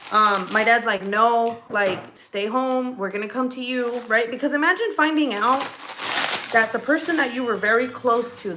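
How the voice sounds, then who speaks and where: A woman's voice: on the high side, pushed and bright, slight background noise. A woman chatting casually at home, telling a personal story with lots of fillers, restarts and swearing. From California. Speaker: livestream host. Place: home kitchen.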